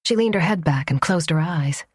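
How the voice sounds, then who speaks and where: A woman narrating a romance audiobook in a soft, even storytelling voice. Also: low voice, moderate pace, husky, dry recording, clean studio sound.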